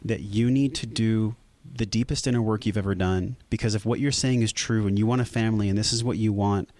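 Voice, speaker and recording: A man's voice: on the low side, fairly even intonation, a little fast, darkish tone, no room sound. A man speaking as a podcast guest, earnest and intense, swearing for emphasis in emotional conversation.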